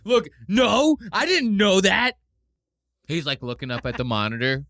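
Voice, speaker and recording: A man hosting a podcast, casually mocking a clip with animated commentary and exaggerated impressions. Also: high-pitched, unhurried, dry recording, clean studio sound. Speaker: podcast host.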